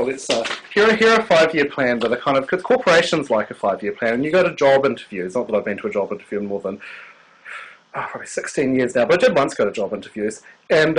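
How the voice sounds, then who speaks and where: A man's voice: mid-range voice, a little hiss or hum, low-quality recording. A man hosting a live stream who rants in a sassy, theatrical way. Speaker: show host. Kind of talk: campy live-stream chat.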